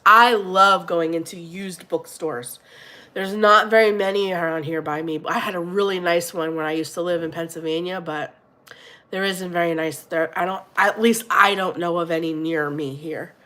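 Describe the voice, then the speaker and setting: A middle-aged woman with a stuffy nose hosting a casual livestream, chatting with her viewers and greeting them warmly by name. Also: lowish voice. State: congested, blowing her nose. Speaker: livestream host reading viewer chat.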